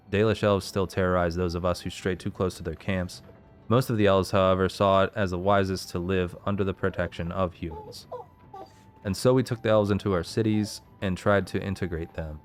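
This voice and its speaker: A man's voice: sits low, clear, resonant tone. A man hosting a let's play, reading game lore entries aloud and stopping now and then to puzzle over how to say a name.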